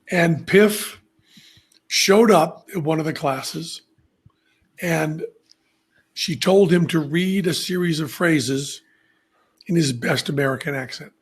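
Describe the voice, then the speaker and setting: A man hosting a podcast, telling stories in a casual, animated way and laughing at his own anecdotes. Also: fairly high pitch, slow, long pauses, husky. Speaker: podcast host. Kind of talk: casual storytelling chat.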